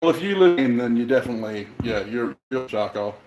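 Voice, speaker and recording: A man's voice: medium pitch, animated, a little fast, a little mellow, roomy sound, slight background noise, poor audio. A man from Western Australia with a light Australian accent, chatting casually with viewers on a livestream from his workshop, rambling and a little sweary. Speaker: bladesmith livestreamer.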